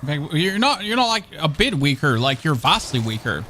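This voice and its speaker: German guy streaming a game, rambly and jokey, keeps restarting sentences, kinda high voice. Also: sing-song, brisk, bright, forceful tone, slight background noise. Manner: chatty, rambling, jokey, repeats and self-corrects. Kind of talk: casual gameplay commentary.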